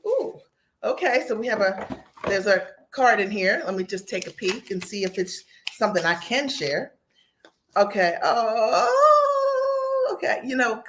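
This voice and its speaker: A woman's voice: mid-range voice, background noise. Middle-aged woman coach, chatty and gushing, talking straight to camera from her home office. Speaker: business coach. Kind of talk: live unboxing video.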